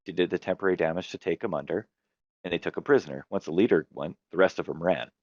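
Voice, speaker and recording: Deep-voiced man recapping a tabletop game. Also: fast, darkish tone, dry recording, dull audio. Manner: rambling storyteller, stops to correct himself. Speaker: game master and podcast host. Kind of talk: casual chat about tabletop games.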